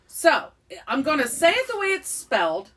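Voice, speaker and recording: A woman's voice: high voice, wildly swooping pitch, moderate pace, fairly bright tone. A woman hosting a casual podcast chat, playful and giggly, cracking jokes as she goes. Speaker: podcast host.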